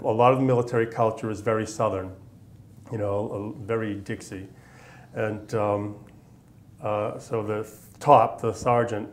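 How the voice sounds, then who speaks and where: A man in his fifties from Massachusetts, telling his army memories in an oral history interview, rambling along with many fillers. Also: lowish voice. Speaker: veteran interviewee.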